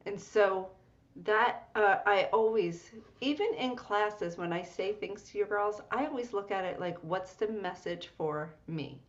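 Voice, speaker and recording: A woman coaches a client in an encouraging way, checking in with frequent questions. Her voice sits at a middle pitch. The recording sounds dull and lo-fi. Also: unhurried. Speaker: life coach. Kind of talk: coaching session.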